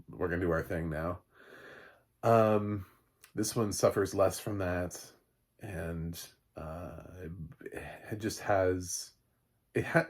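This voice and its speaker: A man with a deep, husky voice talks through a movie review as a loose, unscripted ramble. He stops, restarts and searches for words often, letting out an occasional chuckle. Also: a little mellow. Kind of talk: casual spoken review.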